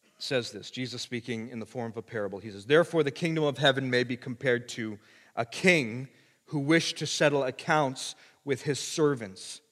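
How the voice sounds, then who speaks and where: A man preaching a sermon, moving from hushed asides to loud, emphatic passages. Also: medium pitch, normal speed, in a large hall. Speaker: pastor.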